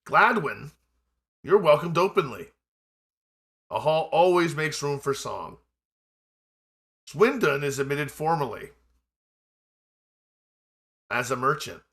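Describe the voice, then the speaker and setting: Male game master, bright ringing voice, measured narration between casual rules chat. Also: a little high, expressive. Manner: measured storytelling narration mixed with casual table talk.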